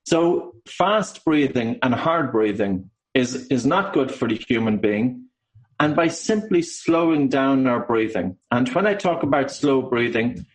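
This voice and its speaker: An Irish man of middle pitch, calmly setting out facts as an interview guest. He speaks in a measured, explanatory way with the odd um. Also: rough recording. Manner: measured, explanatory, with occasional ums. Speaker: author and breathing coach.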